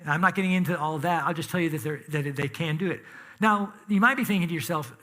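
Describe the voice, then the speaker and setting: Male pastor, fairly high voice, casual and emphatic from the pulpit, draws the congregation into the sermon. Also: fast, fairly bright tone. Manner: conversational, emphatic, asks the congregation questions. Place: church sanctuary.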